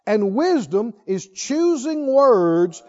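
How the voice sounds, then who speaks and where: Male pastor, high voice, animated sermon delivery with call-and-response, lo-fi church recording. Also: slow pace.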